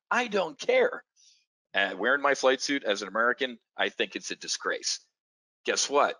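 A man giving an energetic, folksy options-trading pitch, speaking straight to the audience and swinging his pitch up and down for emphasis. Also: low-quality recording. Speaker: options trading webinar presenter.

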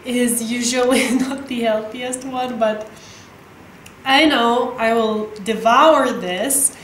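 Excitable woman gushing in an echoey kitchen. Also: slow pace, a little hiss or hum. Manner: gushing, excitable, breaks into squeaky voice. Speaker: cooking vlogger. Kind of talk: casual cooking vlog. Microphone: camera mic, some distance away.

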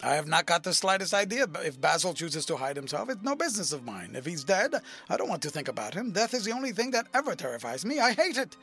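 A witty, cynical aristocrat of a storybook drawls his epigrams with amused ease, as a male narrator reads him. The voice sits fairly high for a man, with faint music drifting underneath. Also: sing-song, fast, vocal fry, hardly any pauses, fairly bright tone, exaggerated voice.

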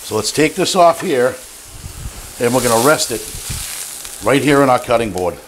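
A man's voice: medium pitch, expressive, normal speed, a little hiss or hum. A man hosting a cooking show, demonstrating a recipe in a playful, jokey and enthusiastic way.

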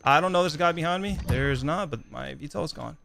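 A young man giving excited, trash-talking commentary over his own gameplay, often repeating himself. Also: fairly high pitch, fast talker, vocal fry, slight background noise. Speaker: gaming YouTuber. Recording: game gunfire loud behind voice. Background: gunfire and explosions from the game.

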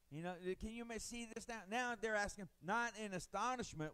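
Pastor, male, high voice, dramatic preaching with loud swells and hushed drops. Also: unhurried, smooth. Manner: acts out voices of doubters and biblical figures. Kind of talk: sermon.

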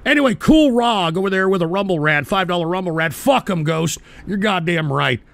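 Brief: older male host, high gravelly voice, dry close sound, profane ranting at viewers. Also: animated, brisk, no room sound. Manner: profane, shouting tirades at chat. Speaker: live show host. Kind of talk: ranting live-stream talk.

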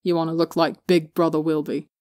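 A woman voicing a young man, a soft-spoken older brother who teases gently. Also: sits low, little pitch movement, a little fast, no echo, studio quality, natural voice. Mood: gentle.

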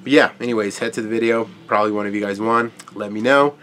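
A man with a stuffy, congested voice from allergies, chatting casually to camera about his vinyl records. He rambles with fillers and swears easily, and keeps clearing his throat. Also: on the low side, quick pace, fairly bright tone, a little hiss or hum. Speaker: vinyl record collector vlogger.

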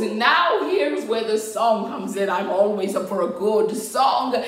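A woman's voice: a little high, sing-song, measured pace, hardly any pauses. A woman hosting a children's storytime in a giggly, theatrical way, often exclaiming "oh dear". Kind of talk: playful storytime talk to children. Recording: very echoey room with faint music.

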